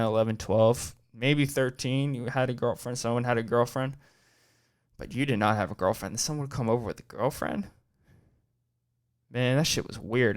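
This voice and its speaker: Laid-back cursing young man rambling. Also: medium pitch. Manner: rambling, profane storytelling; laid-back, says man and dude a lot. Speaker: podcast host. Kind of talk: casual chat.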